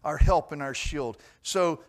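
Man, pastor, high voice, sermon in a church, emphatic then quiet, asks the congregation. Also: unhurried. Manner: preaching with swings from loud emphatic lines to low quiet ones; repeats and restarts words, asks questions of the congregation.

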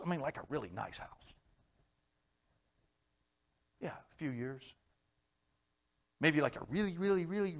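A man delivers a sermon in a somewhat high voice, moving between hushed, intimate passages and loud, fervent ones. He tells stories in a folksy way and slips in jokes and chuckles along the way. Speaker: preacher.

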